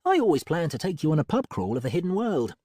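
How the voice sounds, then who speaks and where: A man voicing a bold, playful young woman companion, excitable and emphatic in a raised voice. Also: on the high side, fast, no room sound, studio quality, pitched above the performer's own voice. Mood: earnest.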